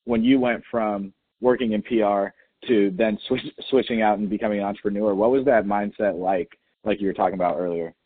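Low-voiced young host, tinny line. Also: male voice, steady tone, a little fast, few pauses, a little hiss or hum. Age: young adult. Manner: enthusiastic, slangy, thinks aloud in long run-on turns. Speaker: podcast host. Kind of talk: casual interview chat. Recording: tinny phone-like line, dry.

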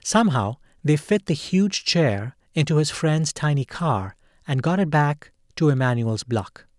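A man hosting a podcast, narrating a true story in a calm, measured scripted read. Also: a little high, no room sound, studio quality. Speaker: podcast host.

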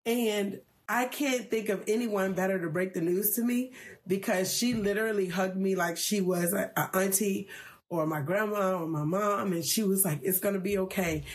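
A woman in her thirties telling a personal story on a livestream, earnest and emotional, pausing often with "um.". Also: medium pitch. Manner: earnest, emotional and reflective, with frequent "um" pauses.

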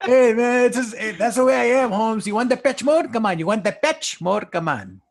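A man's voice: very high-pitched, expressive, fairly quick, creaky, slight background noise, voice pushed up, full character voice. A man voicing a brash, streetwise cholo man haggling for cash, with a Chicano English accent, drawling and slangy. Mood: swaggering. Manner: slangy, drawling, mixes in Spanish.

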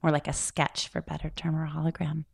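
Fast-talking low-voiced woman medium. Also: completely flat delivery, vocal fry, husky, no room sound, studio quality. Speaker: intuitive medium guest. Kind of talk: casual podcast conversation.

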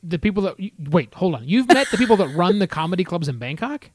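High, lively-voiced man cracking dry jokes. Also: fast talker, no room sound. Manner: wry, jokey interjections. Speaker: podcast host. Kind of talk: casual chat.

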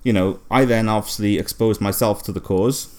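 Man, very low voice, deadpan comic storyteller, hesitant, filler-heavy. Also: normal speed. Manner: rambling, hesitant, many fillers. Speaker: podcast co-host.

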